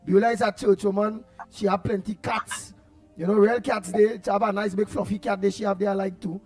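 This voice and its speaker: A man with a Trinidadian accent hosting a casual call-in radio show, excitable and repeating his words as he reads out listener messages. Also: high-pitched, moderate pace, soft background music.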